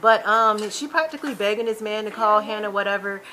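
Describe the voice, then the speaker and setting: A woman hosting a casual TV episode recap, chatty and animated, retelling scenes with quick asides. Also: mid-range voice, crowd noise. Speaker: YouTube TV recap host.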